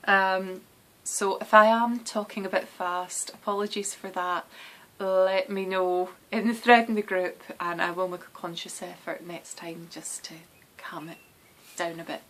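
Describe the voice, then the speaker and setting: A woman's voice: medium pitch, steady tone, unhurried, few pauses, a bit bright, slight background noise, low-quality recording. A Scottish woman hosting a knitting podcast, chatting casually and meandering with lots of restarts and ums. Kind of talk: casual chat.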